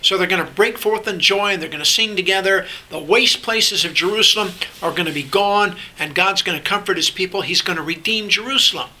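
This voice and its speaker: Bright-voiced older man teaching scripture. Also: sits high, brisk, hardly any pauses, poor audio. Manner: explanatory, conversational, with frequent restarts and fillers. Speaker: Bible teacher. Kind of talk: sermon-style Bible teaching. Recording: faint hiss.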